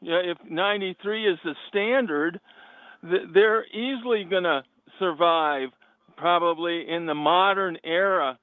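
A man calling in to a radio show, speaking in a halting, hesitant way over a phone line. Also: high voice, no room sound. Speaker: caller. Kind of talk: call-in comment.

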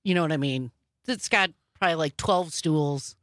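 A woman co-hosting a talk show, running through news in a quick, sarcastic way. Her voice is bright and forceful, and it sits close and dry on the mic with no room echo. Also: low-pitched. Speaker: podcast co-host. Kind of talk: casual political commentary.

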